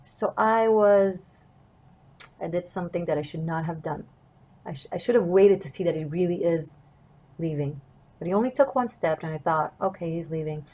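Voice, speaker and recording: Woman, tarot reader, lower pitch; earnest, wandering storyteller speaking to camera. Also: normal speed, warm tone, low-quality recording.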